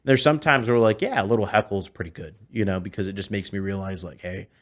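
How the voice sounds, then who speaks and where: A man in his twenties, a podcast guest telling animated stories in casual chat, often restarting his sentences. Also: lowish voice, quick pace. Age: 20s. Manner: animated storyteller, frequent restarts. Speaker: podcast guest, celebrity impersonator.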